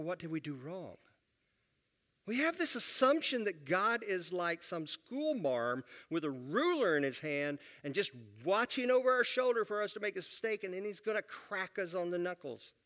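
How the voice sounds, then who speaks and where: A man's voice: high-pitched, fairly bright tone. A man teaching a Bible lesson in a conversational way, repeating key phrases and asking his listeners questions. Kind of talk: sermon-style Bible lesson.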